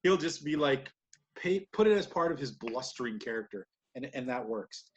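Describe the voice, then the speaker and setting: A man's voice: mid-range voice, animated, normal speed, muffled recording. A man co-hosting a podcast, recapping wrestling matches in casual, rambling chat and laughing often. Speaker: podcast co-host.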